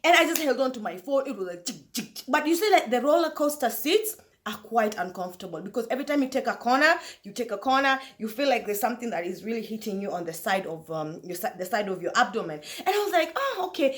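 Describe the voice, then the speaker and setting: A woman hosting a talk show, telling a story casually to her viewers in an animated way, often laughing. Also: on the high side, fast, few pauses. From Kenya.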